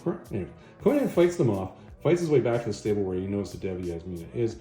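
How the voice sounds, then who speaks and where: A man's voice: lowish voice, sing-song, quick pace, mellow, soft background music. A man hosting a video, casually recapping a comic story with rambling self-corrections. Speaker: video host, comic reviewer. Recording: echoey room.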